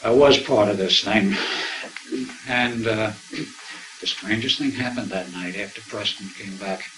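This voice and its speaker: Older guy telling his story to a crowd, lowish voice, acts out the dialogue, faint hiss. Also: a little slow. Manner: anecdotal, acts out remembered dialogue. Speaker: speaker recounting his experiences. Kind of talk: storytelling to an audience.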